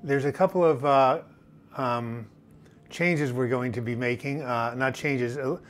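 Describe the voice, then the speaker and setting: A man hosts a relaxed live chat from home, reading out viewers' names and comments with plenty of uhs and ums. His voice sits at an ordinary middle pitch. A faint hum of outdoor noise stays in the background. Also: a little slow. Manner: chatty, reads viewer names and comments aloud, frequent uh and um. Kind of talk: casual live-stream chat. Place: home in Portland, Oregon. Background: faint music and outside noise.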